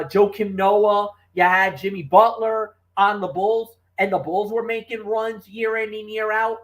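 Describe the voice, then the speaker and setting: A mid-pitched sports talk co-host chatting in a loose, rambling way. The speech is full of fillers and restarts as the host tells stories and talks about players, and the voice grows louder when excited. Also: rough recording. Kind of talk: casual sports talk and storytelling.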